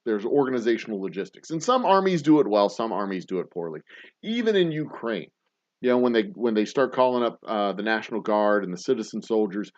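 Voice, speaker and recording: In a muffled recording, a man with a lowish voice casually answers livestream comments from viewers. He owns a distillery and hosts a whiskey show, and his manner is rambling and blunt, full of swearing and frequent chuckles.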